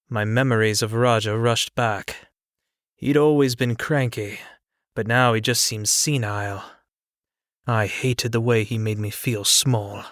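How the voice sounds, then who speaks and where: A man narrating an audiobook in the first person, in a steady, earnest manner. His delivery is slow and unhurried, and his mid-pitched voice is recorded close on a dry studio microphone. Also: no echo.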